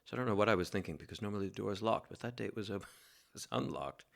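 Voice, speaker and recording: A man from New York City, a guest telling a lively, self-mocking story in a casual interview and laughing as he goes. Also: lowish voice, very fast, vocal fry.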